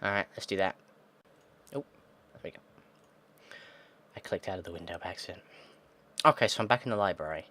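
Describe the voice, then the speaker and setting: A man's voice: deep voice, brisk, long pauses, bright, forceful tone. A man narrating a text game, reading its descriptions aloud and muttering frustrated, sweary asides as he thinks aloud. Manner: thinks aloud, reads text then reacts. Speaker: gaming video host.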